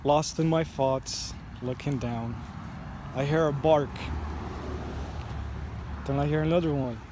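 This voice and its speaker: A man telling a personal story in a slow, reflective vlog, recorded outdoors near a street. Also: a little high, noisy background. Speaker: vlogger.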